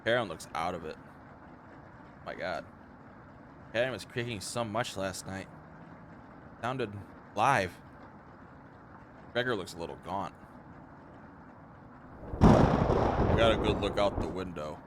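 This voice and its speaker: Low-voiced sarcastic man reading a game aloud. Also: slow, pauses often, very noisy. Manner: sarcastic, swears often. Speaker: streamer. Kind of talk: reading a visual novel aloud with live commentary. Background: game music.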